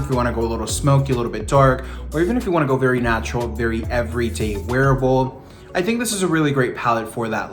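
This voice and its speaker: A young man hosting a beauty review vlog, sassy and animated, throwing in campy slang and playful swoops. His voice sits at a middle pitch, with music playing faintly underneath. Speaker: beauty vlogger.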